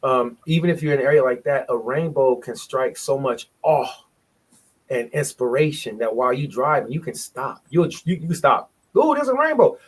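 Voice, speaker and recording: Guy preaching on a bible study stream, emphatic, goes loud then quiet. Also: medium pitch, moderate pace, breathy edge. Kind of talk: livestream bible study teaching.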